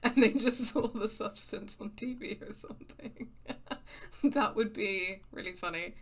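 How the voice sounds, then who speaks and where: A woman's voice: mid-range voice, measured pace, breathy edge. A woman streaming a game, talking in a rambling, filler-heavy way and laughing often. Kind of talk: casual gaming commentary.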